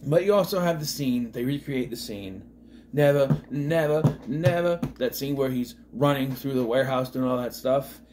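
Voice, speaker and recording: A man's voice: medium pitch, normal speed, few pauses, background noise. A man giving a casual, rambling movie review, trailing off with lots of asides. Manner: rambling, full of "you know" and restarts.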